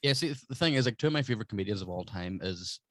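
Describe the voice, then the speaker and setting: A man's voice: lowish voice, racing, no room sound. A man, a stand-up comedian, telling brash, profane stories in casual podcast chat. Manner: swears constantly, brash and animated.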